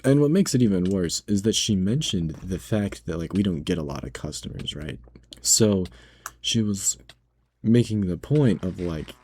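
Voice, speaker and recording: A man's voice: low-pitched, animated, normal speed, a little mellow, a little hiss or hum. A young man working as a grocery cashier, retelling a bad customer story in a casual, slangy, exasperated way.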